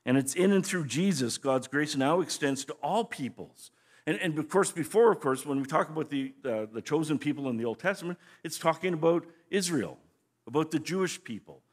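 A man's voice: fairly high pitch, lively intonation, a little fast, husky. Man teaching scripture conversationally. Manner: conversational, explanatory, frequent restarts. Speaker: pastor. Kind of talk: sermon teaching.

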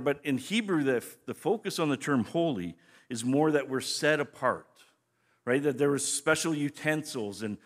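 A man teaching scripture as a pastor in a conversational, explanatory way, often restarting his phrases. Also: medium pitch. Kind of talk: sermon teaching.

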